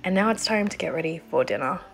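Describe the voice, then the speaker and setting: A woman with a nasal voice from a cold, chatting upbeat and excited as a travel vlogger. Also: fairly low pitch, fast talker, vocal fry. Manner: bubbly, upbeat, lots of "like" and "so excited". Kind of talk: casual travel vlog chat.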